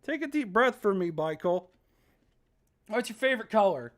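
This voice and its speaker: A streamer reading aloud the lines of a calm, wise young woman from a story game, in a soft, measured voice. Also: medium pitch, close to an everyday voice.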